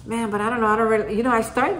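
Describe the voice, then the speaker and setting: A woman's voice: a little high, steady tone, racing, a bit bright, a little hiss or hum. Woman sharing a roomy spoken reflection. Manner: storytelling, acts out remembered conversations. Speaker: host of a daily reflection. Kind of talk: casual personal reflection. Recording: roomy echo.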